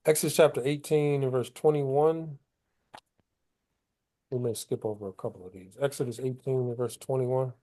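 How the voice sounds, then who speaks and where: Mellow-voiced man teaching Bible study casually. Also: medium pitch, steady tone, moderate pace. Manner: colloquial, paraphrases scripture in casual street talk.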